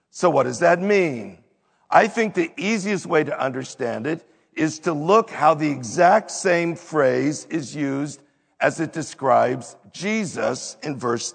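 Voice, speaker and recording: A man preaching a sermon, teaching slowly and deliberately with strong emphasis on key words. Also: fairly high pitch, creaky, slightly rough, in a large hall. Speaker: pastor.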